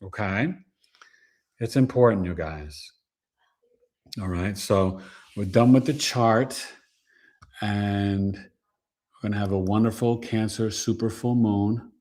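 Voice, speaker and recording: A man hosting a casual astrology livestream, giving animated, preachy advice with plenty of slang. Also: fairly low pitch, slow, long pauses. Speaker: astrologer and show host.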